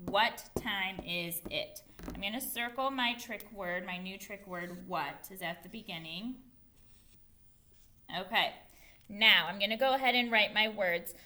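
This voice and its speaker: A woman's voice: mid-range voice, normal speed, bright, forceful tone, slight background noise. A young woman teacher giving a patient, carefully enunciated phonics lesson to young children. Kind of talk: early-grade phonics lesson.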